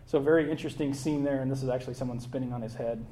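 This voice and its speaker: A middle-aged man from the United States gives a casual slide talk about his travels, rambling in a relaxed way with many fillers and restarts. His middle-pitched voice races along, with slight background noise.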